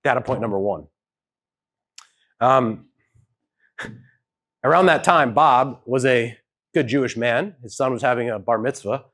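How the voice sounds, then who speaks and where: In a storytelling keynote before an event-hall audience, a father recounts a personal story conversationally, hedging and voicing the people he quotes. His mid-range voice is a bit bright, and he keeps a measured pace, pausing often.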